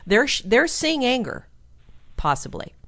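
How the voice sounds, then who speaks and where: A woman's voice: on the high side, sing-song, a little slow, pushed and bright. A woman hosting a call-in advice show, coaching a caller and suggesting what he could say.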